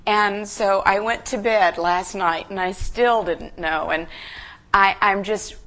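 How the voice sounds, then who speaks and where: Woman, guest preacher, sermon, slow unhurried delivery, emotional, halting, earnest. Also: mid-range voice, fairly bright tone. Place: church.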